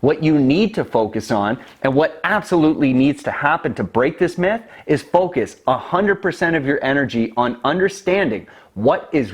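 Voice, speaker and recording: Emphatic young man, higher voice. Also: husky. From Canada. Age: 20s. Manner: emphatic, confident, persuasive. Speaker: real estate investor. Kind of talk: direct-to-camera explainer.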